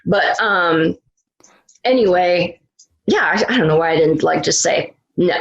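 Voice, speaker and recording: A woman's voice: fairly low pitch, animated, a little slow, gravelly, dull audio. A woman, a retired rescue swimmer, telling a story in a casual interview, full of restarts and laughs. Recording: roomy, echoey room.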